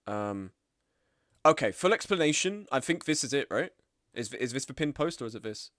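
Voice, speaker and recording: A man, streaming and chatting casually, animated and blunt, with frequent swearing and mimicking of others. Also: moderate pace, no echo, clean studio sound. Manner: animated, swearing, acts out quoted people in higher voices. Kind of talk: casual live-stream commentary.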